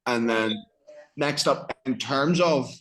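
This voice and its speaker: Slow, patient English man teaching. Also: medium pitch, fairly bright tone, slight background noise, poor audio. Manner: slow, patient, simple explanations. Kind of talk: teaching a language lesson.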